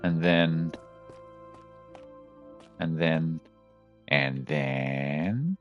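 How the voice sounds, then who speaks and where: A man's voice: rumbling low, very slow, lo-fi sound, soft background music. A man casually commentating his gameplay, swearing often and yelping at surprises. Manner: excitable, swears, yelps at surprises. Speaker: let's play streamer.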